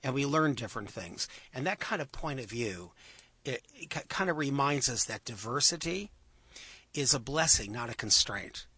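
A man hosting a talk show, chatting with a guest and giving storytelling tips, playing expressively with pauses and emphasis. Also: medium pitch, animated, bright, forceful tone, husky, no room sound. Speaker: show host.

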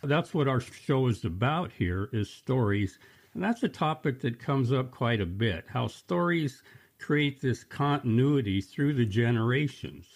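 A man's voice: mid-range voice, expressive, measured pace. A man hosting a show about stories, interviewing a guest in an attentive, affirming way. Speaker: host of a story show. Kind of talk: interview conversation.

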